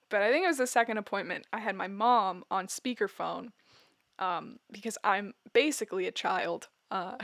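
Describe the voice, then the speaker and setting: A woman around twenty telling a story in a casual vlog, laughing often and joking with wry deadpan humor, rambling and correcting herself as she goes. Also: medium pitch, no room sound, clean studio sound. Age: about 20. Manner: rambling with many fillers and self-corrections. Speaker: vlogger.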